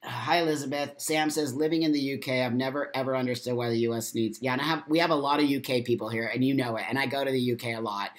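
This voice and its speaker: A man's voice: mid-range voice, steady tone, fast, hardly any pauses. An American man hosting a live morning vlog, reading viewer comments aloud and ranting angrily with lots of swearing and repeated phrases. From United States. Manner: angry, profane ranting.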